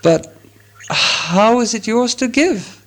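A man voicing a grim, suspicious grown man who speaks slowly. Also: a little high, lively intonation, lightly acted. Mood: dazed. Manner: grim, slow.

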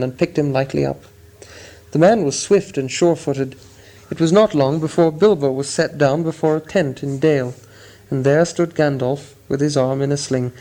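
A man reading a story aloud as audiobook narrator, in a measured storytelling manner. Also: a little high, dark tone. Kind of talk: scripted narration.

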